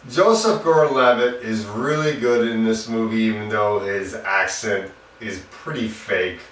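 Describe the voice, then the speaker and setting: A movie reviewer gives a casual film review in a lowish, fairly bright male voice, speaking a little slowly. He's earnest but repetitive and loosely rambling, recorded on a distant mic with roomy echo and a faint hum.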